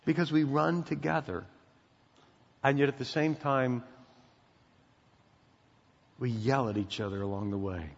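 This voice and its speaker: A middle-aged pastor preaching a sermon, emphatic and preacherly, sometimes dropping to a quiet intensity. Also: male voice, mid-range voice, fairly even intonation, a little slow, gravelly, pauses often. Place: church sanctuary. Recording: dull sound in a reverberant hall.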